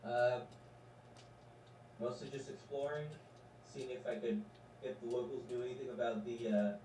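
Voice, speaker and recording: A man's voice: medium pitch, mellow, echoey room. Man player, rambling, sweary, distant mic, faint hiss. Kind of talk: tabletop role-play chat.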